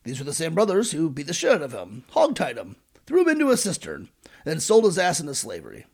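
A man's voice: a little high, huge pitch swings, quick pace, vocal fry, darkish tone, slightly rough. A man hosting a podcast, narrating in an irreverent, sarcastic, profane comedic style. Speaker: podcast host.

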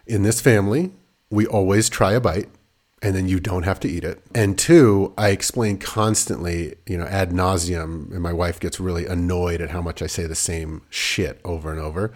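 A man in his thirties co-hosting a podcast, a father of young kids, talking in animated bursts and swearing now and then. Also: low voice, moderate pace. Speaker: podcast co-host. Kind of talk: casual chat.

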